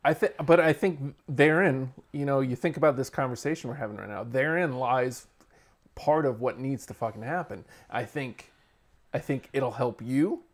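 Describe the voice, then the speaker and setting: A man co-hosting a loose podcast chat among friends, with a middle-pitched, plain voice. He talks in halting bursts, restarting his sentences and dropping casual curses as he works his way to the point. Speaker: podcast co-host.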